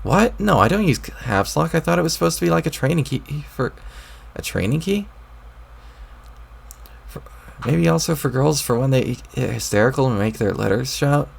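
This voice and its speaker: A man's voice: medium pitch, animated, moderate pace, creaky, pauses often, pitched above the performer's own voice. A man voicing a petulant, arrogant young male alien who barks demands and sulks, reading a webcomic aloud. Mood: indignant. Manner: shouty, indignant, demanding.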